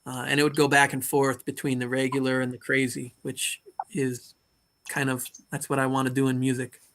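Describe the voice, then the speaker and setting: A man's voice: mid-range voice, monotone, normal speed, a bit bright. A man chatting casually on a video call from his bedroom, thinking aloud and restarting his sentences. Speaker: modular synth hobbyist on a stream.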